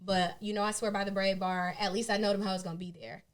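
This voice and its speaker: A woman's voice: mid-range voice, little pitch movement, quick pace, a loud crowd. Blunt, profane woman telling stories. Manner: blunt, profane storytelling with acted-out quotes. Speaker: podcast co-host. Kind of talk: casual chat.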